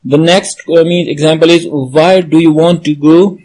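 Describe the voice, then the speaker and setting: A man's voice: on the high side, steady tone, normal speed, a little mellow, a little hiss or hum, poor audio. Hesitant man giving exam tips. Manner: hesitant, frequent "uh, means" fillers; repetitive, restates each point. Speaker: IELTS tutor. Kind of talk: tutorial explanation.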